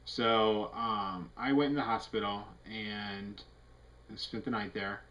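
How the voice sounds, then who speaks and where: A man's voice: lowish voice, steady tone, slow, fairly bright tone, dull audio. A man giving a casual, candid health update to a webcam, rambling through fillers and restarts in an earnest way. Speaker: vlogger.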